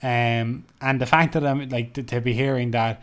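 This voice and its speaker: A man's voice: mid-range voice, steady tone, normal speed. A man co-hosting a podcast in casual chat, laid-back and rambling, with lots of "like" fillers. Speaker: podcast co-host.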